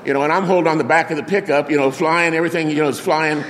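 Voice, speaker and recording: Older preacher in a reverberant hall. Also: male voice, fairly high pitch, racing. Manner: animated anecdote with sound effects and acted-out quotes. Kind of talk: storytelling sermon. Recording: long reverb of a large hall.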